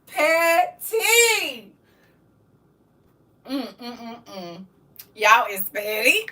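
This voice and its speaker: A woman's voice: high-pitched, very slow, long pauses, a bit bright. A middle-aged woman hosting a casual livestream at home, teasing her viewers playfully and laughing often. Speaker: livestream host reading chat. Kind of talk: casual live chat. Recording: distant from the mic.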